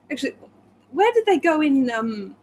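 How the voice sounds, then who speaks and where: A woman's voice: sits high, a little mellow, poor audio. A woman co-hosting, reading a timeline aloud with giggly, chatty asides in casual banter. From England. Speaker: co-host.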